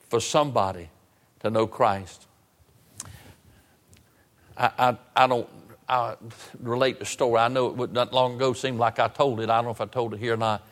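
A man preaching a sermon, retelling a story with many restarts and repeated words, and climbing high and loud when he retells his pleas. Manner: repetitive restarts, rising to raised emotional pitch when retelling his pleas. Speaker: pastor.

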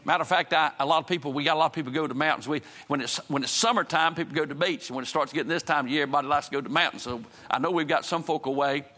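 A man's voice: a little high, racing, hardly any pauses, pushed and bright. A man preaching a sermon, moving from folksy storytelling to fervent preaching and prayer. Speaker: pastor.

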